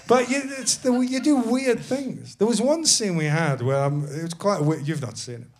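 Male guest, a touch high-pitched, self-mocking raconteur on a live show. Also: moderate pace. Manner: laughing storyteller, self-deprecating. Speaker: actor guest. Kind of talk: casual anecdote on a live comedy podcast.

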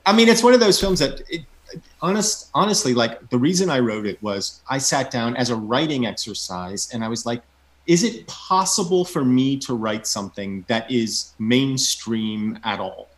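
A man's voice: mid-range voice, expressive, normal speed. A man from the United States, a guest on a podcast, talking in a dry, self-deprecating way. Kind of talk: casual interview chat.

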